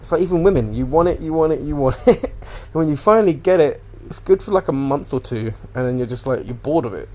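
A man's voice: on the high side, animated, fast, few pauses, a little mellow. A young man hosting a casual solo podcast, rambling loosely between topics and swearing freely. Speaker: podcast host.

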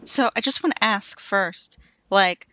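A woman's voice: mid-range voice, unhurried, bright, forceful tone. A woman playing as a contestant on a movie review game, speaking casually and hesitantly with many fillers. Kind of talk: casual chat.

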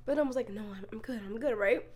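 A woman's voice: a little high, fast, darkish tone. A young woman co-hosting a podcast, telling school stories in casual chat, swearing often and filling with "like". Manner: swearing, storytelling with lots of "like". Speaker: podcast co-host.

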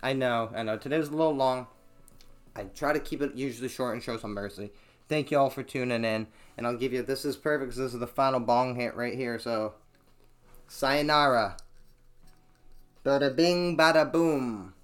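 A man of ordinary pitch hosts his own podcast alone in a small room at home, telling rambling stories packed with swearing and "like" fillers. His microphone sits on a chair covered in a towel. Faint music plays underneath. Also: steady tone, fairly quick. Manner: rambling, profane, many "like" fillers. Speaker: podcast host. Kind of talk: casual solo storytelling.

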